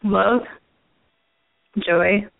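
A woman caller in a healing session, answering briefly and quietly. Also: mid-range voice, fairly even intonation, extremely slow, creaky, no echo. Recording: dry, tinny phone line.

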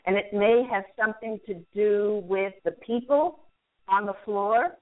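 A woman hosting a call-in radio show, passing on angel messages and card readings with gentle, repetitive reassurance. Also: mid-range voice, measured pace. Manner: repeats messages she says she hears, gentle reassuring advice. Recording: lo-fi phone-line audio.

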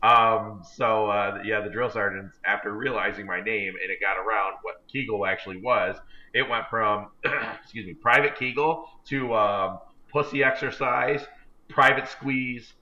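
On a podcast he co-hosts, a man with a fairly low, fairly even voice speaks a little slowly, his delivery pushed and bright. He meanders through a long story at his own expense, casual and chatty, captured in dull lo-fi sound.

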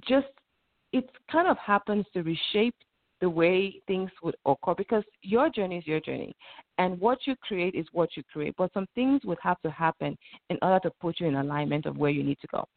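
A woman's voice: fairly low pitch, gravelly, dry recording. A woman guest in an interview, talking reflectively and acting out her own inner thoughts. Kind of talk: conversational interview. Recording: tinny phone-like line.

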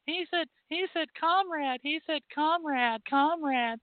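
A man putting on the voice of a shrill, panicky male accuser who squeals the same charge over and over. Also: measured pace, no echo. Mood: scandalized. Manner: squealing, repetitive, hysterical. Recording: tinny phone-like sound.

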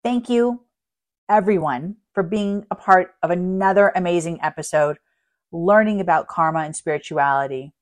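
A middle-aged woman hosts a spirituality show and tells a story about herself. Her voice sits a little low. She talks with animated, self-mocking energy and laughs at her own mistakes. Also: moderate pace. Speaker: podcast host.

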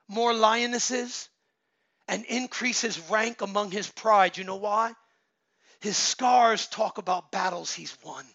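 A man preaching with a very high, sharp voice and a gravelly edge. He exhorts his listeners, swinging from loud shouts to low murmurs. The sound is dry and dull. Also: no echo. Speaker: pastor. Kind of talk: sermon.

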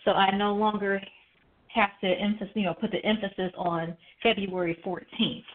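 A woman's voice: mid-range voice, steady tone, normal speed. A woman co-hosting a casual chat, reflective and talking with many "you know" fillers. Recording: tinny phone line.

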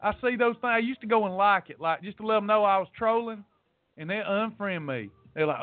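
A man with a high, expressive voice talks fairly quickly on his weight loss podcast, bluntly scolding listeners and repeating points for emphasis. The preachy motivational rant is captured in tinny, phone-like audio with no echo.

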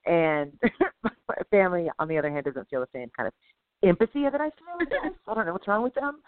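A woman co-hosting a podcast, telling a story in a lively, animated way with sound effects and laughter. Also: fairly low pitch, brisk, no echo. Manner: animated, mimics sounds and voices, laughs often. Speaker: podcast co-host. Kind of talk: casual storytelling chat. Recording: tinny phone-like sound, dry.

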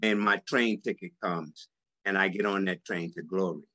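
Speaking low and sharp at a moderate pace, this health practitioner in his seventies recounts his story as a radio interview guest. Hesitant fillers crop up throughout.

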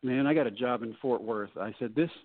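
A man's voice: mid-range voice, fairly quick. Folksy storytelling man on a tinny line. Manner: folksy, acts out quoted voices. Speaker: guest. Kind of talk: storytelling in a podcast interview.

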